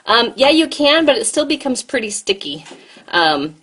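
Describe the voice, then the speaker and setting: A woman's voice: a little high, big pitch swings, moderate pace, a bit bright, husky. An American woman and mom hosting a casual live stream while cooking, chatting to viewers and her child at once. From United States. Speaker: host and mom.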